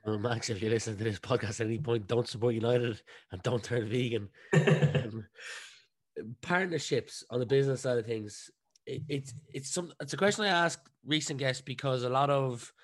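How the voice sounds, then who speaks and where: A man hosting a podcast, asking questions with halting, stammered starts. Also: medium pitch. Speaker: podcast host. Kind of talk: interview questions.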